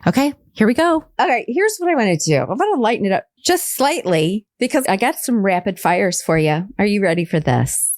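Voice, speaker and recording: A woman's voice: mid-range voice, big pitch swings, brisk, hardly any pauses, darkish tone, no room sound, studio quality. A middle-aged woman hosting a podcast, chatty and playful as she quizzes her guest. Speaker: podcast host. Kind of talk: casual chat.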